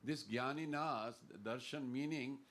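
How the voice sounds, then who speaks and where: A man's voice: medium pitch, a little slow, fairly bright tone. A man giving an earnest, informal devotional talk in a temple class, telling stories and quoting Sanskrit verses. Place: temple hall.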